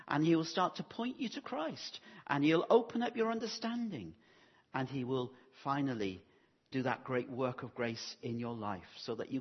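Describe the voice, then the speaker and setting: In a muffled, lo-fi recording, a man preaches a sermon with a slightly husky, breathy voice, a little high for a man, that rises and falls a lot. He's earnest and pastoral, tossing rhetorical questions to his listeners.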